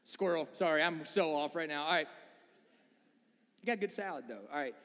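Male preacher, high voice, lively and jokey, long hall reverb. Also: normal speed. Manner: animated, joking asides and acted-out voices. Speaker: pastor. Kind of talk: sermon.

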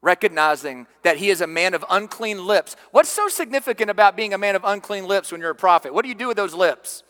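Dynamic preacher with a bright high voice. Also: male voice, fairly quick, hardly any pauses, long reverb tail. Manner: dynamic preaching, swinging from loud emphatic peaks to hushed low passages. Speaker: pastor. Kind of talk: sermon.

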